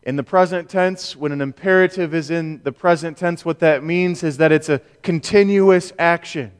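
A male pastor preaching a sermon, measured and emphatic, with rhetorical questions. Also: fairly high pitch, clean tone. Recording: long reverb of a church hall.

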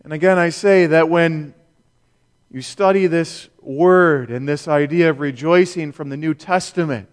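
A male pastor preaching a sermon, measured and emphatic, with rhetorical questions. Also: a little high. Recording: long reverb of a church hall.

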